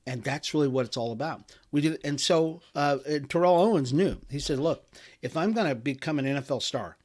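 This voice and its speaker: A man's voice: fairly high pitch, lively intonation, a little fast, darkish tone. A middle-aged man hosting a podcast, delivering an emphatic motivational talk with frequent restarts and fillers. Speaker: podcast host.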